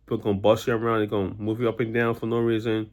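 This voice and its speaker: A man's voice: fairly low pitch, little pitch movement, rapid-fire. A man talking casually to camera about his job, rambling and repeating himself with lots of filler, blunt and exasperated. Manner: rambling, repeats himself with many "you know"s. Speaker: vlogger. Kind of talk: casual monologue.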